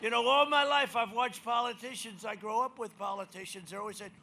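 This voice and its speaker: An older man giving a campaign rally speech, rambling and boastful, swinging between shouted lines and muttered asides. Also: very high-pitched, lively intonation, normal speed, hardly any pauses, a little hiss or hum. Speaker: political speaker at a rally. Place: outdoor rally crowd.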